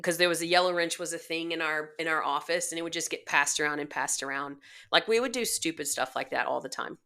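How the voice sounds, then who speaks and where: A woman's voice: deep voice, fast talker, pushed and bright. A woman, a band director guest on a podcast, telling self-deprecating stories in a chatty way. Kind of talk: casual storytelling.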